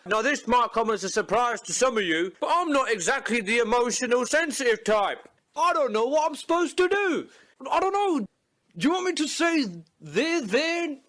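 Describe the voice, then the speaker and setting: A man delivering a loud, sarcastic, profane comedic rant to the camera. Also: very high-pitched. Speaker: comedy video host. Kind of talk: ranting comedic monologue.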